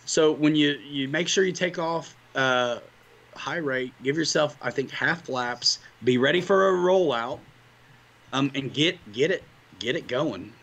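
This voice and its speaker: A man's voice: on the high side, unhurried, fairly bright tone, dull audio. A man co-hosting a livestream, chatting casually and upbeat with viewers. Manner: upbeat, rambling, hobby talk to viewers. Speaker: livestream co-host. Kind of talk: casual chat.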